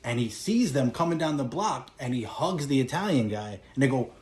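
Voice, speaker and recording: Man, casual movie plot retelling, animated storyteller, average pitch, echoey room sound. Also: brisk. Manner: animated storytelling, acts out lines in a raised voice. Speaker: movie collector and reviewer. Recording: roomy echo.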